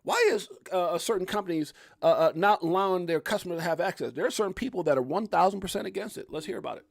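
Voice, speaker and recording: A middle-aged man hosting a crypto live stream, preaching hard work in fired-up, slangy talk with loud whoops. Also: high-pitched, fast, creaky, dry recording.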